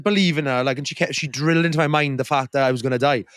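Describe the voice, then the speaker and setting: This twenty-something podcast co-host relates a story in casual conversation, animatedly acting out the voices of the people involved. His mid-range voice has a clean tone and comes out rapid-fire with few pauses.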